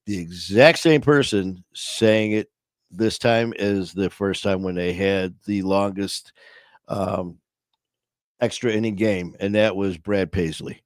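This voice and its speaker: A man's voice: deep voice, steady tone, slow, no echo, studio quality. A man hosting a casual livestream chat. He rambles with lots of fillers and tells corny jokes. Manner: rambling, joking, many fillers. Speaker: livestream host.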